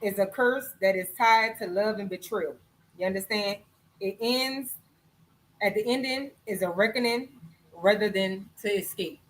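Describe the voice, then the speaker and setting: A woman hosts a casual live stream, talking straight to her viewers in a loose, profane way. Her voice sits at an ordinary middle pitch. A faint hiss of noise runs under the recording. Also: unhurried, poor audio. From Louisiana. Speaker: podcast host. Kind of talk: casual live-stream chat, book recommendation.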